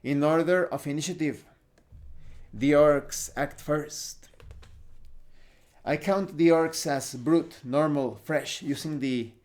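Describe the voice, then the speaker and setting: A man narrates a solo tabletop game, walking through the rules and the battlefield step by step. His voice sits fairly high and he speaks slowly, with small restarts. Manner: steady, explanatory with small restarts. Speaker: host and solo game player.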